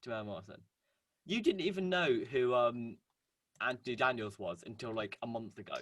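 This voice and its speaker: Young guy chatting on a podcast, rambly, mid-pitched, dry close sound. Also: animated, brisk, dry recording. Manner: rambling, full of fillers. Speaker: podcast co-host. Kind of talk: casual chat.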